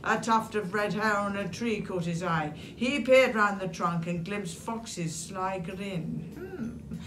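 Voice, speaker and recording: British woman in her sixties, animated picture-book reader, echoey room. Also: medium pitch, slow pace, slight background noise. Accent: British English. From England. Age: 60s. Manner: animated, expressive, with dramatic gasps. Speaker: children's story reader. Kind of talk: reading a rhyming picture book aloud.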